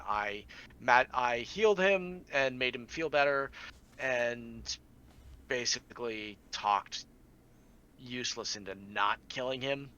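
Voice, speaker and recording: A man recapping a tabletop game session as a player, halting, with many ums and restarts. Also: mid-range voice, bright, forceful tone, muffled recording.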